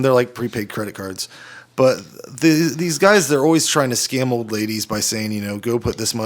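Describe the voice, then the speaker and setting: Dude on a podcast rambling thru a story, swears a lot, laughs, middle pitched voice. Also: male voice. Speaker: podcast co-host. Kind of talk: casual podcast chat.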